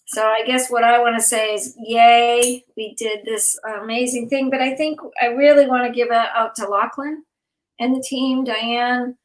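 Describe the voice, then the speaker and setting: An exhausted woman hosts over a video call, rambling warmly and laughing between thoughts. Her voice sits a little high, and the sound is roomy with a noticeable echo. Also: steady tone, normal speed. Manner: rambling, emotional, laughs often. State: exhausted, overtired. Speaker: host of a live online event. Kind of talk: casual heartfelt chat.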